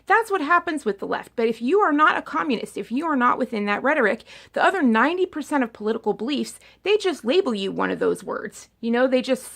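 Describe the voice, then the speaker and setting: A young adult woman vlogger talking politics in a rambling, animated monologue that often repeats words. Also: high-pitched, quick pace, gravelly, few pauses. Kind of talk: casual opinion monologue.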